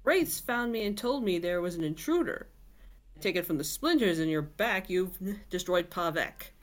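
A woman's voice: fairly low pitch, expressive, moderate pace, natural voice. Woman voicing a gloating deathless old sorcerer. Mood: menacing. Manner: smug, taunting. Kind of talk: storybook reading with voices.

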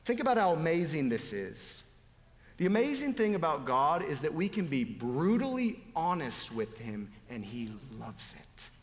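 A man preaching a sermon, dropping to hushed whispers and rising to loud, pleading appeals. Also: on the high side, big pitch swings, moderate pace. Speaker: pastor. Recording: long hall reverb.

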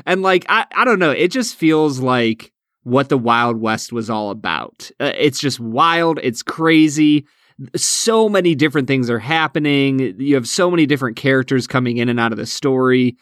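A man's voice: mid-range voice, animated, normal speed, a bit bright, no echo, clean studio sound. A man co-hosting a podcast, talking earnestly and restarting his sentences. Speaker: podcast co-host. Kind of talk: casual chat.

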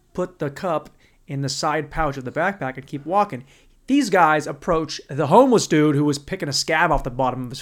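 A man doing stand-up storytelling in a profane, rambling, bro-ish way. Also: fairly high pitch. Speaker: stand-up comedian.

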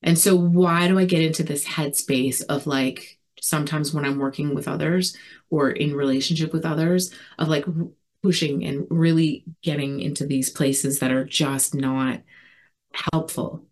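A woman giving a personal recovery share, earnest and reflective, talking in a halting way with many fillers and restarts. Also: deep voice, steady tone, darkish tone. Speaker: recovery community speaker.

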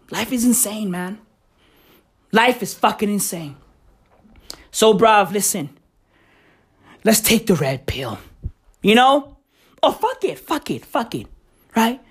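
A woman rants in a vlog, loud and shouty, with a hoarse, cracking voice. She drags out her words at an unhurried pace. Her pitch sits a little high for a woman. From South Africa. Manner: loud, shouty, swearing heavily. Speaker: vlogger. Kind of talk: profane vlog rant.

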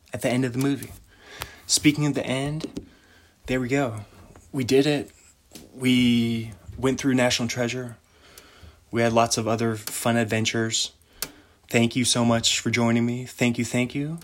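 A man's voice: medium pitch, flat delivery, measured pace, long pauses. A man hosting a casual solo podcast, rambling, giggling often and poking fun at himself. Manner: giggly, rambling, self-mocking. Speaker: podcast host.

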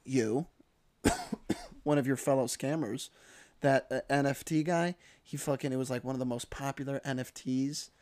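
A man's voice: mid-range voice, sing-song, normal speed, a little mellow. Teasing man in a casual chat. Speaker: podcast co-host.

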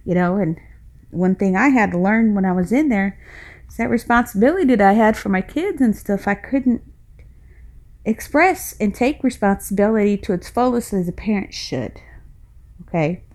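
A woman's voice: medium pitch, animated, moderate pace, a little mellow. A middle-aged woman hosting her own podcast, talking in a rambling, folksy way with passion and some laughter, a little out of breath. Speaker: podcast host. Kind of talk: casual personal podcast monologue.

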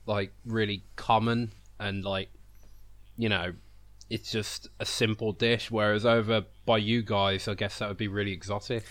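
Talking while eating, a British man co-hosting a relaxed podcast rambles and teases. He speaks at normal speed in a fairly low, level voice that's a bit bright.

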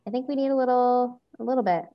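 A woman hosting a podcast and reading a story aloud in a calm, even way. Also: on the high side, fast, lo-fi sound. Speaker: podcast host and reader. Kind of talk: reading fan fiction aloud.

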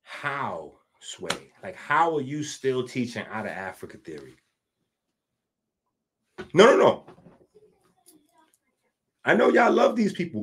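A man from the Bronx, hosting a podcast and delivering a casual commentary monologue. He is animated and swings between loud and hushed, with frequent asides. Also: a little high, slow, pauses often, slightly rough. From the Bronx, New York. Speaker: podcast host.

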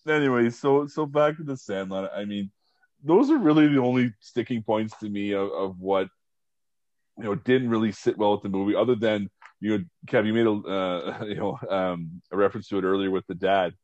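A man's voice: fairly low pitch, moderate pace, darkish tone, no echo, muffled recording. A man hosting a casual podcast, chatting about movies and sports and rambling with many fillers. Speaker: podcast host.

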